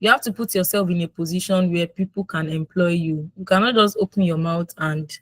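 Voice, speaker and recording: A woman from Nigeria with a Nigerian English accent, giving casual mentoring advice in quick, animated speech and acting out quoted exchanges. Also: on the low side, dry recording, low-quality recording. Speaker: guest mentor.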